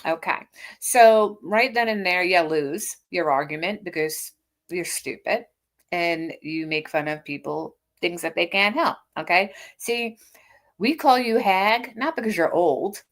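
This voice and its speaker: A woman's voice: lowish voice, measured pace. Sarcastic woman in her fifties streaming. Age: 50s. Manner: sarcastic, mocking, talks straight at her critic. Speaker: livestream host. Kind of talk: casual reaction stream.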